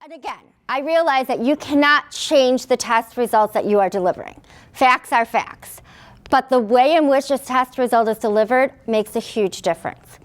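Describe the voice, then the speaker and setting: A woman in her thirties with a slightly high voice tells a personal story about being a patient. She acts out what the nurses and doctors said and laughs now and then through the hard parts. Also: moderate pace. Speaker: patient speaker.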